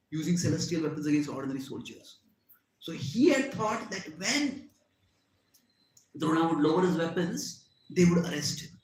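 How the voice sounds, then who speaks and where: A man with an Indian English accent, a spiritual teacher recounting an epic as a devotional lecture, dramatic and acting out the characters' cries. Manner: dramatic, acts out characters' cries with swings in pitch and loudness. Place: lecture hall. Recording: echoey hall, faint background noise.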